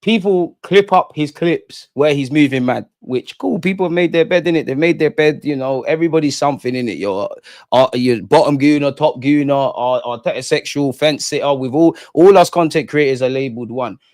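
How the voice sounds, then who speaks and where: Animated London man, dry close sound. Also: on the high side, fairly quick, dry recording. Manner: animated, slangy, reads out viewer comments. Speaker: livestream host. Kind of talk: casual live chat.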